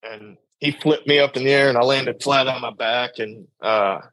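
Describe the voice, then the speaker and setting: Bull rider telling stories, dry close mic. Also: male voice, medium pitch, steady tone, a bit bright, no echo, rough recording. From New York state. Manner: drawn-out storytelling, acts out quoted dialogue. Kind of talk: casual storytelling interview.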